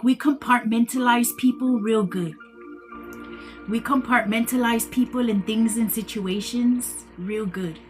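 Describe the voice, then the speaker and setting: A tired woman hosting a tarot livestream, chatting casually, rambling, repeating herself and swearing freely. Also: a little high. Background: background music.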